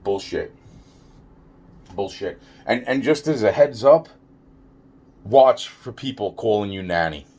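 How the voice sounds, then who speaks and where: The speaker, a vlogger, faces the camera for a rambling, profane rant full of repetition and stumbled restarts. He talks slowly and expressively, leaving long pauses, in a lowish voice that's a little mellow. It's a ranting vlog monologue.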